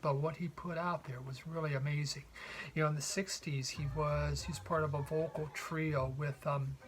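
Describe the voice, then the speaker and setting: Relaxed middle-aged man, casual record-collector chat. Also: on the high side, normal speed, rough recording. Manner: relaxed, rambling storytelling. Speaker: vinyl record collector host.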